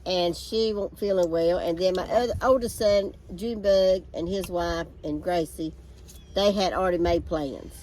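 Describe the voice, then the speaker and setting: A woman's voice: on the low side, steady tone, normal speed, darkish tone. An older woman with a drawl chats outdoors in a backyard, telling rambling, homey family stories. Faint outdoor noise sits behind her voice. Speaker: co-host. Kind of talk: casual chat.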